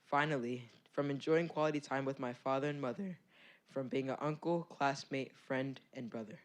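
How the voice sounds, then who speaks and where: A teenage boy, a high school student, reads his own poem at a school board meeting, starting shy. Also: moderate pace, slight background noise. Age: teens. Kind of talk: poetry reading.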